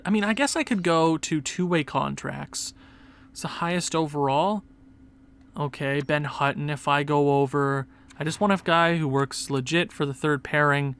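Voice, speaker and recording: A young man commentates his own game session in a high-pitched voice with a bright, forward edge. He thinks aloud, muttering over his choices and bursting into excited outbursts. He speaks close to a desk microphone. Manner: excitable, talks to himself while playing. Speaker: gaming video host. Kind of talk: gameplay commentary.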